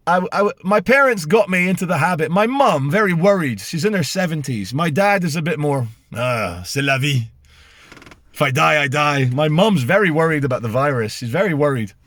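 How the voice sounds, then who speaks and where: Indignant high-voiced British man, dry sound. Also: dry recording. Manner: indignant, sarcastic, animated. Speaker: vlogger. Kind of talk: casual storytelling rant to camera.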